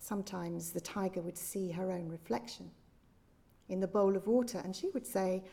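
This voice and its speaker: A woman, a minister leading a church service, telling a children's story in a gentle, expressive way. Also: mid-range voice, moderate pace, gravelly.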